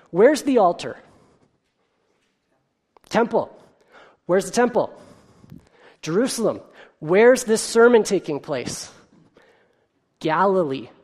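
Animated pastor preaching a sermon. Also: medium pitch. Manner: animated storytelling with rhetorical questions and filler ums.

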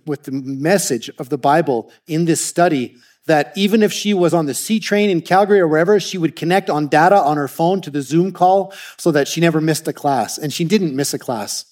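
Canadian-raised male ministry speaker, lively storyteller, somewhat high voice, restarts often. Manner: animated storytelling with frequent restarts. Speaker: ministry speaker presenting slides. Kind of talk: testimony talk to an audience.

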